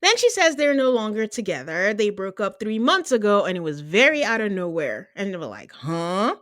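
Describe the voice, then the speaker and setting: Lively woman hosting a podcast. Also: medium pitch, moderate pace, no echo, studio quality. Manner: chatty, laughs often. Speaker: podcast host. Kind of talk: casual chat.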